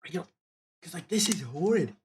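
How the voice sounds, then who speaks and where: A man streaming a story game, reading its dialogue aloud and commenting in an animated, profane, exasperated way. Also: a little high, moderate pace, noisy background.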